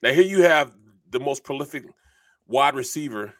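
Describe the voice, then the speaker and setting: A middle-aged man, a former football lineman co-hosting a sports talk show, telling animated, rambling stories full of fillers. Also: mid-range voice, moderate pace.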